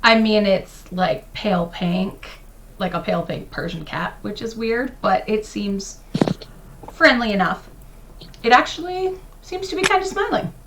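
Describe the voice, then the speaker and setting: A woman narrating as game master of a tabletop game, with slow, drawn-out delivery. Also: mid-range voice, expressive, noisy background.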